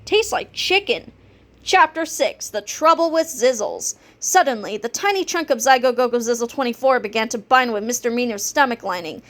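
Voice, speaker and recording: A woman reading a children's book aloud in a playful, lively storytelling manner. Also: on the high side, a little fast, few pauses. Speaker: reader.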